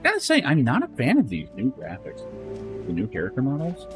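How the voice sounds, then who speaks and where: A man's voice: medium pitch, wildly swooping pitch, fairly quick, over music. A man casually commenting while he plays a game, thinking aloud and reading game text. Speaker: streamer.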